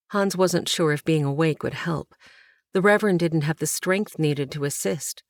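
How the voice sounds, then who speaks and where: A woman narrating a historical novel as an audiobook, in a measured storytelling manner. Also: low-pitched, no room sound, clean studio sound. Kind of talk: scripted narration.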